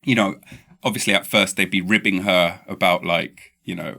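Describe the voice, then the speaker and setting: A podcast host with an English accent rambles casually, often restarting his sentences and getting animated when he quotes someone. His voice sits low with vocal fry, at a moderate pace.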